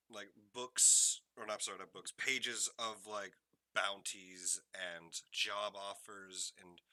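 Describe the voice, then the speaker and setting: A man narrating as game master for a tabletop game, relaxed and conversational with many fillers. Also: lowish voice, no echo.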